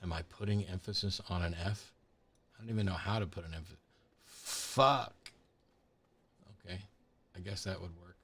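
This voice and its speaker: A man's voice: low voice, steady tone, quick pace, breathy edge. A middle-aged man streaming a game, casually talking to chat, frustrated and sweary with dry asides. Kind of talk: casual livestream commentary.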